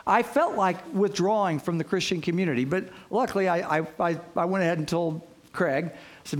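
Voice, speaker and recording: A man preaching a sermon, telling stories with lively acted-out quotes and frequent restarts. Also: high-pitched, brisk. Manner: storytelling, acts out quoted voices, frequent restarts. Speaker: pastor.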